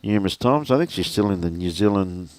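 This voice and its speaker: An older Australian man doing relaxed, chatty live commentary on a lawn bowls match, greeting viewers by name. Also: deep voice, a little fast, slight background noise. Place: outdoor bowls club.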